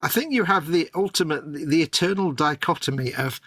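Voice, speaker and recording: A man's voice: a little high, expressive, a little fast, fairly bright tone, dry recording. A man co-hosting a casual live stream who teases his co-host with dry banter. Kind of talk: casual chat.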